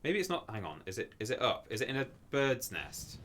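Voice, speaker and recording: A man's voice: medium pitch, very animated, fairly quick, a bit bright, slight background noise. Chatty man streaming a game. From England. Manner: chatty, rambling, self-deprecating, reads chat aloud. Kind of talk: casual livestream chat.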